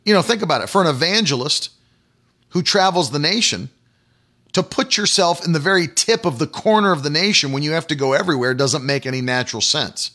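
Bright, high-voiced emphatic male preacher. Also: fairly quick. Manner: emphatic, repetitive preaching cadence. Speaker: evangelist preacher. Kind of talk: sermon. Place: at home.

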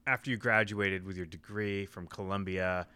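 A male podcast host with a low voice and a bright, forceful tone. He speaks thoughtfully and at a measured rhythm, now and then pausing to search for the right words as he steers the conversation. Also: steady tone, clean tone, no echo. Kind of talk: casual conversational interview.

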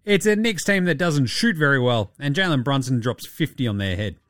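A man's voice: mid-range voice, lively intonation, brisk, fairly bright tone, dry recording, studio quality. An Australian man hosting a basketball podcast, rambling through casual chat with sarcasm and plenty of swearing. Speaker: podcast host.

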